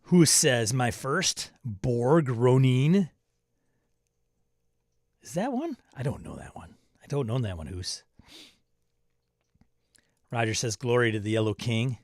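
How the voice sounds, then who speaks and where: Guy hosting a tabletop rpg stream, reading chat out loud and joking, dry close sound. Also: medium pitch, sing-song, a little slow, long pauses, dry recording. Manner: chatty, reads viewer comments aloud and jokes around. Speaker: livestream host reading chat. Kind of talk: casual chat.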